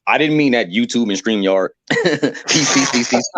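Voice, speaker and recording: A man on a live stream discussion, talking in an animated, profane way and laughing often. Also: medium pitch, moderate pace, no echo. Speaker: livestream panelist. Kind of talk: heated casual discussion. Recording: dry, dull lo-fi sound.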